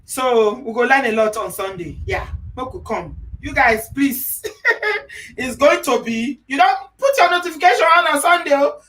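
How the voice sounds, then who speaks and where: A woman with a Nigerian accent hosting a live stream, mixing English with pidgin in an animated, affectionate way. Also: high voice, normal speed, far from the mic, poor audio. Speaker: host.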